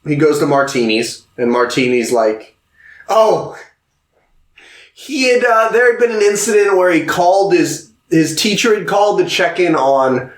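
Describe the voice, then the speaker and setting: Male co-host, excitable plot recapper, lively delivery, roomy sound. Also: fairly high pitch, moderate pace, hardly any pauses. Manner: animated retelling with swearing and acted quotes. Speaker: podcast co-host. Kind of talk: casual film recap chat.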